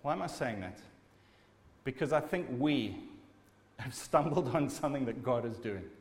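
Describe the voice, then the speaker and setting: A man's voice: medium pitch, expressive, moderate pace. A man preaching a sermon, speaking with emphasis and asking his listeners rhetorical questions. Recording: long hall reverb.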